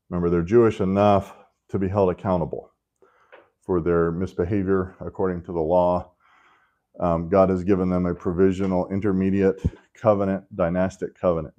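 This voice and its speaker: A man's voice: deep voice, warm tone. A man teaching a Sunday school class in a casual, conversational way, tossing in joking asides and often checking in with "right?".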